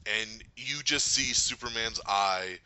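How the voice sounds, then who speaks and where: A podcast host with a fairly low, smooth voice speaks slowly, animatedly retelling movie scenes in casual chat with laughs and acted-out character lines. The recording has no echo but is low quality.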